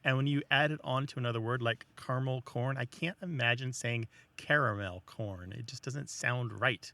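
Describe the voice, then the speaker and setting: Gravelly, bright-voiced man co-hosting a radio show. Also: medium pitch, fairly even intonation, a little fast, no room sound. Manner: laughs easily, explains word origins. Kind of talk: radio talk show conversation.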